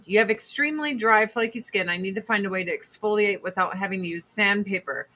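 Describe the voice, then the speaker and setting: A middle-aged woman hosts a casual livestream. She talks bluntly and rambles, with plenty of swearing, at a medium pitch. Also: fairly quick, few pauses, bright, forceful tone. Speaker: livestream host selling beauty products.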